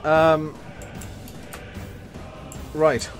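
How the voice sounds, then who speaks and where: Excitable man yelling at units. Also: fairly high pitch, extremely slow, soft background music. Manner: bossy, swearing at his units. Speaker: game streamer. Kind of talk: live gameplay commentary.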